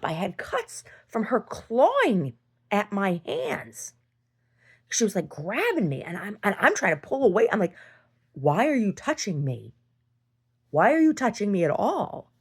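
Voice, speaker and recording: A woman recording a personal video diary, telling a story in a rambling way and rising in pitch as she relives a fight. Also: husky. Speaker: video diarist.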